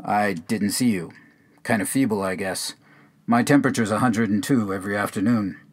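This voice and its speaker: A man's voice: fairly low pitch, normal speed, lightly acted. A man reading a poem aloud, voicing an angry, bewildered old man who lives alone in a cabin and speaks with a quavering, sing-song pride. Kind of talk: poetry reading.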